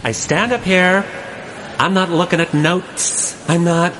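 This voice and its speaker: A man's voice: high-pitched, fairly even intonation, slow, a bit bright, slight background noise. A man voicing a sassy, campy male politician in a parody voiceover of a real speech, with a flouncy sing-song delivery.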